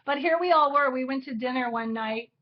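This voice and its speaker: A woman's voice: high voice, brisk. A woman co-hosting a casual craft livestream, chatting and laughing as she flips through trip photos. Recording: dull lo-fi livestream audio.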